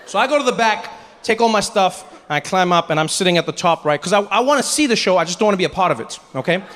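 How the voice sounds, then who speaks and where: A man doing stand-up storytelling, animated, often breaking off and restarting. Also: fast, big-room sound, slight background noise. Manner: animated, many self-interruptions, jumps into high voices. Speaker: stand-up comedian.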